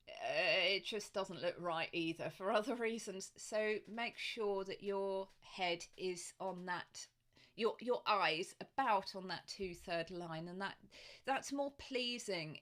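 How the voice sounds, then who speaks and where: Woman voice coach, unhurried and chatty, laughs lightly often; webcam tutorial. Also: mid-range voice, a bit bright. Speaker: voice and presence coach. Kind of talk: casual video tutorial.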